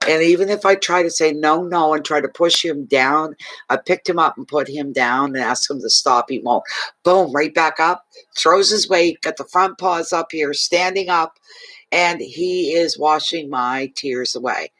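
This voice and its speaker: A man's voice: fairly high pitch, measured pace, sharp tone. A man from Canada chatting casually on a livestream as a fortune reader, emotional, thanking viewers and talking to his dog.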